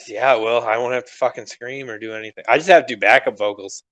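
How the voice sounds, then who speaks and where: Young guy, podcast co-host, loose rambling delivery with casual swearing, mid-pitched and slightly strained. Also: steady tone, a little fast, a bit bright. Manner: rambling, swears freely, laughs often. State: strained vocals from screaming. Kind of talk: casual chat.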